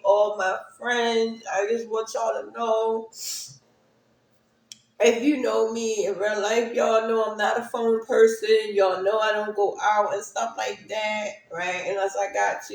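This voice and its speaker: A woman casually telling a personal story to her viewers, chatty and often checking in with "right?". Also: mid-range voice. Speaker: speaker sharing personal stories. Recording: roomy echo.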